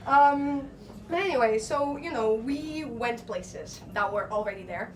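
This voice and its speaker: A woman's voice: on the high side, expressive, unhurried. A young Portuguese woman, not a native English speaker, doing a profane, casual stand-up set with laughing asides and lots of fillers. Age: young adult. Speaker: stand-up comedian. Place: small comedy club stage. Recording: distant mic, loud room noise.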